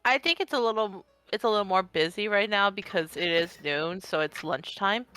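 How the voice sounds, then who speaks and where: A woman's voice: medium pitch, normal speed, pushed and bright, soft background music. A young woman playing a tabletop role-playing game, describing her character in a hesitant way with many fillers. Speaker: player.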